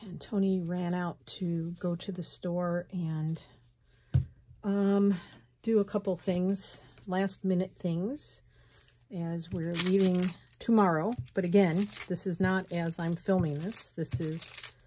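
A middle-aged woman with a slight Southern US lilt, chatting and thinking aloud as she works on a craft journal in her sunroom, with soft laughs. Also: fairly low pitch, fairly even intonation, slow pace, slight background noise. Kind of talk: casual craft tutorial chat. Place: home sunroom, indoors.

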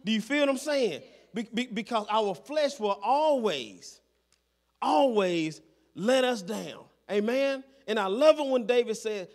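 A man's voice: high-pitched, expressive, measured pace. A man preaching a sermon as pastor in a church, constantly checking in with the congregation and repeating his phrases.

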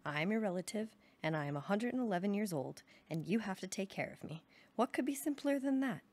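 A woman's voice: mid-range voice, expressive, fairly quick, a little mellow, lightly acted. A woman voicing a blunt, cheerful old man of 111 with an old-country accent, speaking in a matter-of-fact way. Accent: put-on old-country accent.

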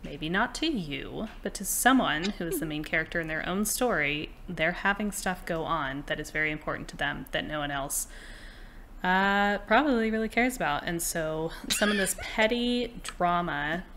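A young woman co-hosting a gaming podcast in casual chat, speaking in a measured, reflective way with soft fillers. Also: on the low side, expressive, a little hiss or hum. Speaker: podcast co-host.

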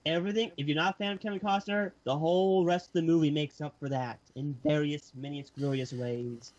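A man's voice: a little high, fairly even intonation, fairly quick, darkish tone, highs cut off. A man chatting casually about movies, telling crude jokes and laughing as he talks. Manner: crude joking, laughs while talking. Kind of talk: casual chat.

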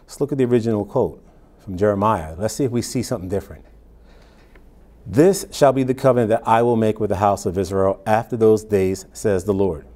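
Low, mellow-voiced man teaching scripture. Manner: reads scripture slowly, then explains in plain, conversational asides. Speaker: pastor. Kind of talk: Bible teaching sermon.

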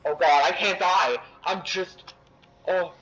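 A young man giving excitable, profane let's-play commentary, yelling at the game. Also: sits high, takes it slowly, lo-fi sound. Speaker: gamer.

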